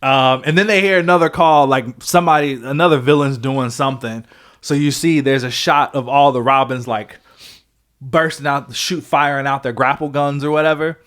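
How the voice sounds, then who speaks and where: A young adult man co-hosting a podcast, excitedly retelling a story in a rambling, casual way with lots of fillers and swearing. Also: medium pitch, normal speed. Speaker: podcast co-host.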